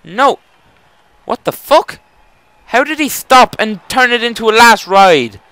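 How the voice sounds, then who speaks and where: A young man commentating his own wrestling video game match live, excitable and swearing, shouting at the screen. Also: very high voice, a little slow, smooth, no echo.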